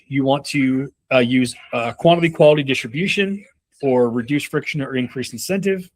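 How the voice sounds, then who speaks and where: A man's voice: medium pitch, normal speed. A man in his thirties coaching on a call, casual and rambling, with many fillers and restarts. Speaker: sales leadership coach.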